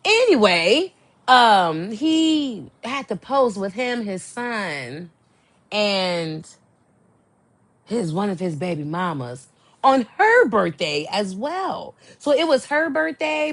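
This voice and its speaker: Animated gossiping woman, slow and lively. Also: medium pitch. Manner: animated, gossipy, swooping exclamations. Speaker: podcast host. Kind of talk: casual chat.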